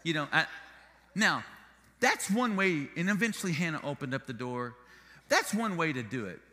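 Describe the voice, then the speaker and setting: A man's voice: fairly high pitch, normal speed, in a large hall. A male pastor preaching a sermon, telling stories with humor and energy. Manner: animated storytelling with humor.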